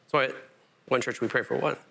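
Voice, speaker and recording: A man preaching a sermon as pastor, animated and self-interrupting, climbing to emphatic peaks. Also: mid-range voice, fast talker, creaky, husky.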